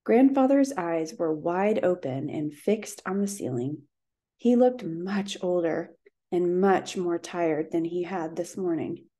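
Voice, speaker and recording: A woman narrating a children's novel aloud in a steady, even storytelling manner. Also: on the low side, takes it slowly. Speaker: audiobook narrator.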